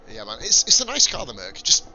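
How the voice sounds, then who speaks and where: A man with a mid-range voice gives live, sweary, excitable commentary on a sim-racing league, chatting with his viewers between calls.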